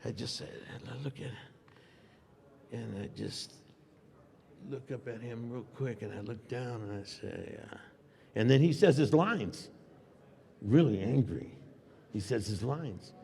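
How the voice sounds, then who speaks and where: An older man telling an animated anecdote on a convention panel, acting out dialogue and laughing often. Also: mid-range voice, measured pace, vocal fry, long pauses. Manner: acts out dialogue with shifting voices, laughs often. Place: large convention hall. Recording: long hall reverb.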